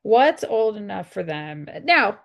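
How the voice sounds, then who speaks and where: Podcast co-host, woman from Canada, gravelly texture, chatty storyteller. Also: medium pitch, very animated, slow pace. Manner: chatty, laughs often, storytelling. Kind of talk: casual chat.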